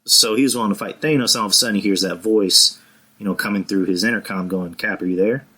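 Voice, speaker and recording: Bright-voiced man rambling on a podcast. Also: lowish voice, quick pace, slightly rough. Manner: rambling, restarts often, casual swearing. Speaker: podcast co-host. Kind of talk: casual podcast chat.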